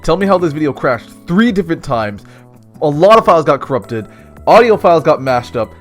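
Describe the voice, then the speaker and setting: A young man telling a slangy, animated story-time tale of office drama, swinging between loud bursts and hushed asides. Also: on the high side, fairly quick, faint music behind.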